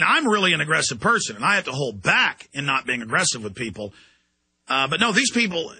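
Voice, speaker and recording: A male talk radio host rants hard into a studio mic. His voice sits high, with a husky edge. The sound is very dry and close. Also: dry recording. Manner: forceful, ranting, mocks others in put-on voices. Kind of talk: ranting call-in radio talk.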